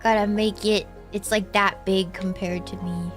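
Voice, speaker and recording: A woman's voice: medium pitch, level tone, unhurried, soft background music. A woman from Texas who streams, chatting casually with viewers, thanking donors and breaking into song.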